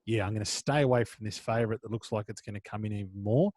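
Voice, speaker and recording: A man with an Australian accent co-hosting a casual horse racing tips podcast, chatty and joking, trailing off quieter at the end of thoughts. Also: on the low side, quick pace, no echo. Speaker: podcast co-host.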